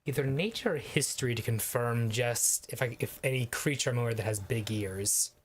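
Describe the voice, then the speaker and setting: A man's voice: medium pitch, normal speed, a little hiss or hum. Casual man playing a tabletop game. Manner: casual, hesitant, stating in-character actions. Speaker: player.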